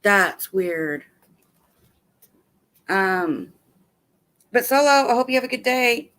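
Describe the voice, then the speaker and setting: Woman, stream host, rambling casual chat at home with a baby around, reads comments out loud. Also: mid-range voice, lively intonation, takes it slowly.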